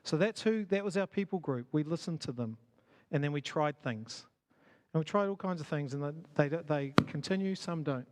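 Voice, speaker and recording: Kiwi guy talking at a church do, bit higher voice, chatty, keeps asking the room stuff. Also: animated, moderate pace, a little mellow. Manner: conversational, self-deprecating, asks the audience questions. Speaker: church leader speaker. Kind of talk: conference talk to an audience. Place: church hall.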